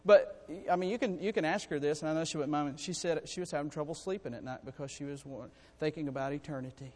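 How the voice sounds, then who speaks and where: High-pitched preacher in a reverberant hall. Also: male voice, fast. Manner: folksy, animated preaching with calls to the congregation. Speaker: pastor. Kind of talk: sermon. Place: church sanctuary. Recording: long reverb in a church hall.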